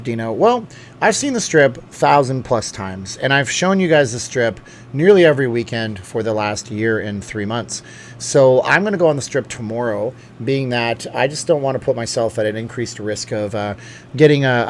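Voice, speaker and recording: A middle-aged man who lives in Las Vegas hosts a casual livestream from a room at home, reading the live chat and rambling with many restarts and asides. His voice is mid-range, with a little hiss or hum in the recording.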